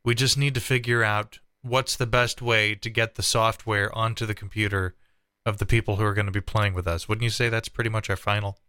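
Bright, crisp-voiced male podcast host. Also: fairly low pitch, level tone, a little fast, no echo, clean studio sound. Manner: joking, mildly exasperated, chatty. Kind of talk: casual podcast chat.

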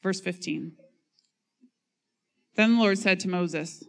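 A woman's voice: lowish voice, slow pace. Conversational woman pastor preaching a sermon. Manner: conversational, self-mocking humor; reads scripture and acts out quotes.

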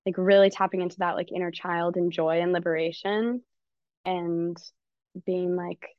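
A woman's voice: on the low side, fairly even intonation, moderate pace, no room sound, muffled recording. A woman coach talking casually, swearing freely and acting out her own inner dialogue in quoted bits. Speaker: coach and guest. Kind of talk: casual podcast conversation.

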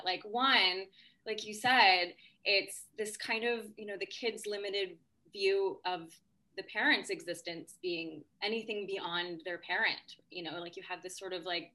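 Chatty woman on a podcast, bright sharp voice, lots of likes and you knows. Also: medium pitch. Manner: chatty, many fillers and restarts. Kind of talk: casual discussion.

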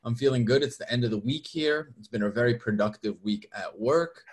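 Man, podcast host, husky voice, upbeat casual chat, hesitant word-searching. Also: medium pitch, a little fast.

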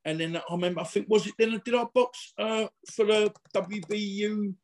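A middle-aged former boxer tells rambling, slangy stories in a casual interview, chatty and laddish with frequent fillers. He has a high voice and talks at a moderate pace.

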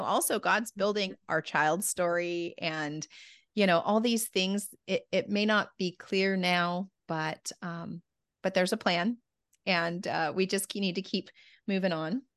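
A woman's voice: medium pitch, a bit bright, no room sound, studio quality. A woman hosting a podcast, casual and chatty, with small laughs. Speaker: podcast host. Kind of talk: conversational interview.

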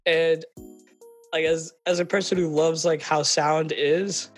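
A young man from Kenya hosts a podcast in casual conversation, slipping into quoted voices as he tells his stories. His voice sits fairly high, and soft music runs faintly underneath. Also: slow. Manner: animated storyteller, acts out quoted voices, frequent fillers. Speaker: podcast host. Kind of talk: casual chat.

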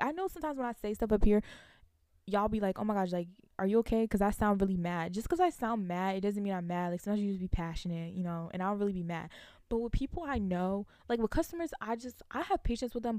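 A young woman, a college student, venting to her viewers in casual storytime chat, animated and laughing between lines. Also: medium pitch, no room sound, studio quality. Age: young adult.

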